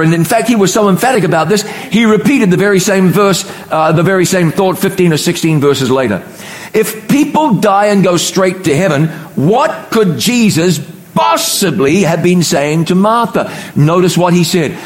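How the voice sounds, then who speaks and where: A middle-aged man preaching a sermon, emphatic, slowing down and pausing to stress key words. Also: sits high, sing-song.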